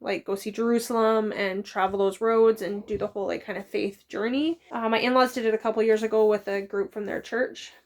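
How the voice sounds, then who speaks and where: A woman in her thirties chatting casually as a book vlogger, rambling with quick asides. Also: mid-range voice, steady tone. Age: 30s. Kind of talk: casual chat.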